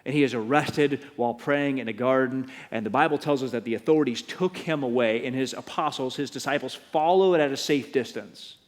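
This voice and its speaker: A man preaching a sermon as pastor, telling the story with animated, acted-out delivery. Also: medium pitch, fairly quick, few pauses. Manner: animated storytelling, acting out scenes. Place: church. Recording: long church reverb.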